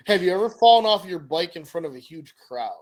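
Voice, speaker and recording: A middle-aged co-host with a voice that sits high speaks fairly quickly in a relaxed podcast conversation. He asks questions and brings stories to life by acting out voices.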